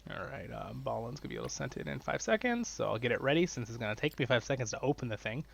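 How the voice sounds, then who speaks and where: Gravelly man doing chatty game commentary. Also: medium pitch, very fast. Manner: chatty and excitable, talking to viewers. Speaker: gaming channel host. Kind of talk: casual gameplay commentary. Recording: dull lo-fi sound with faint music.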